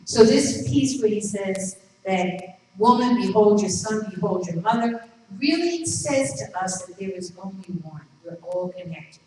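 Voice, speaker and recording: A woman's voice: medium pitch, expressive, a little slow, mellow, slight background noise. A woman minister giving a reflective sermon, telling a personal story with quoted dialogue. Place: church hall. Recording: roomy hall, far from the mic.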